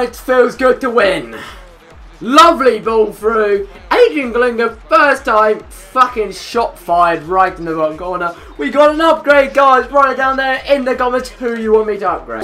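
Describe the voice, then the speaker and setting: A young man commentating his own football video game, hoarse from shouting, loud and excitable, swearing constantly and yelling at the players. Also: extremely high pitch, unhurried, soft background music. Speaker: gamer and channel host. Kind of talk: let's play commentary.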